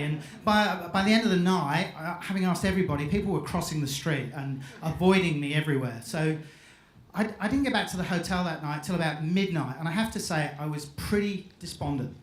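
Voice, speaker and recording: A man's voice: a little high, a little fast. A man giving a playful storytelling talk on stage at a live event, acting out the quotes. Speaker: event speaker. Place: live event hall with audience. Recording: echoey live hall recording.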